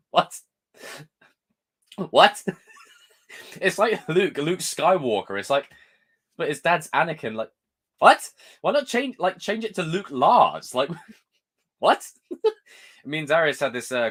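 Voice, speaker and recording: Sweary, animated man ranting. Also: mid-range voice. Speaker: live-stream host. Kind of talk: casual live-stream rant.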